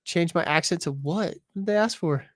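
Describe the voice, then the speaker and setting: A man's voice: on the high side, fairly quick, a bit bright, no echo, studio quality. A young man hosting a podcast in casual chat, rambling and poking fun at himself. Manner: rambling, self-deprecating. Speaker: podcast host.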